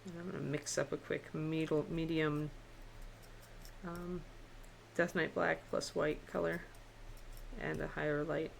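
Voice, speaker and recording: A woman teaching miniature painting on a live stream, relaxed and chatty, thinking aloud as she works. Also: low-pitched, measured pace, vocal fry, long pauses, a little hiss or hum.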